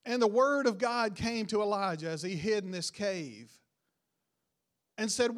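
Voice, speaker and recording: A man preaching a sermon, retelling a Bible story with rising emphasis and quiet, dropped line endings. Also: high-pitched, unhurried.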